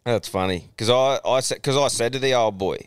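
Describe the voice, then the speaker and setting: A man's voice: mid-range voice, brisk, clean tone, no room sound. A young Australian man co-hosting a casual podcast, telling stories with lots of swearing and laughter. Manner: swears freely, laughs often, tells stories. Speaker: podcast co-host. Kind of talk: casual chat.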